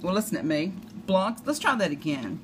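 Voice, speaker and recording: This Southern woman sounds very animated as she demonstrates a craft, her voice on the low side and her pace normal. She rambles with self-deprecating asides, and the home recording is noisy.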